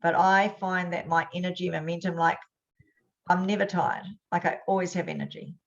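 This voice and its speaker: A woman's voice: lowish voice, fairly even intonation, creaky. Upbeat chatty woman, dull webinar audio. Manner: upbeat, chatty, quick bursts. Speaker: hypnosis trainer hosting a webinar. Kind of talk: casual webinar talk.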